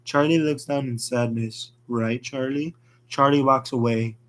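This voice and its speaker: A man's voice: medium pitch, steady tone, moderate pace, a bit bright. Man narrating a fan story plainly.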